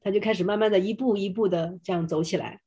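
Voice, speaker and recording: A woman with a warm, husky, mid-range voice and a steady tone interprets a sermon live, phrase by phrase. Following the preacher, she sometimes hesitates, fills pauses with "uh," and restarts.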